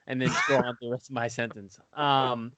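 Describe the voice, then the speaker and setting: A man co-hosting a casual podcast, relaxed and hesitant, full of fillers. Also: medium pitch, normal speed, no echo. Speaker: podcast co-host. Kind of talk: casual chat.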